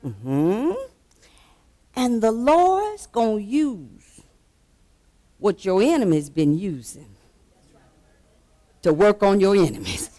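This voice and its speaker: A woman preaching a sermon with repeated call-and-response lines, dropping to hushed asides and then rising to shouts. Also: mid-range voice, sing-song, slow, pauses often. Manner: swings between hushed asides and shouted exhortation. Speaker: pastor.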